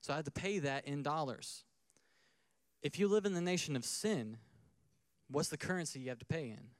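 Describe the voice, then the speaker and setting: A man's voice: a little high, normal speed, no room sound. A man preaching a sermon in a conversational way, acting out little scenes and asking the crowd questions. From United States. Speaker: pastor.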